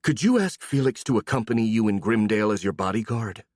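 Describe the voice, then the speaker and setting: A man voicing a calm, matter-of-fact young woman with a sly, sarcastic edge, in an audiobook. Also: on the low side, quick pace, no room sound. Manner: calm, dry, a bit sarcastic.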